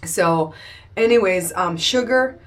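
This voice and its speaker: A woman's voice: on the low side, takes it slowly. A woman in her forties, chatting straight to her viewers as she films a vlog on a phone. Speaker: vlogger. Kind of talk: casual vlog narration.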